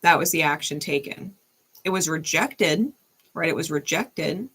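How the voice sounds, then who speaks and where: Woman, tarot reader on a live stream, bright voice, casual and chatty, laughs easily. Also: low voice, measured pace, breathy edge. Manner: casual, chatty, laughs often, frequent "right?". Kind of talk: live-stream reading and chat.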